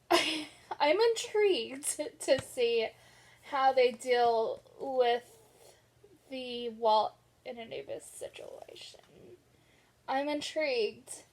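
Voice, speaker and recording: Young woman, high bright voice, book vlogger, gushing casual chat. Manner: chatty, laughing, gushing.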